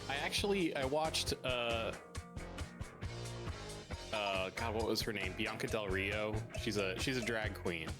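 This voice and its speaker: A man's voice: fairly low pitch, measured pace, long pauses. Man chatting loosely over music. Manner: rambling storytelling with laughter. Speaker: streamer. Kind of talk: casual chat.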